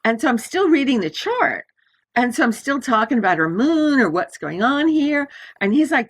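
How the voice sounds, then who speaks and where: An older woman, an astrologer, telling stories in an interview in an animated way, often laughing and acting out the voices in her stories. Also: a little high, moderate pace. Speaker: astrologer guest. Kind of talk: storytelling in a podcast interview.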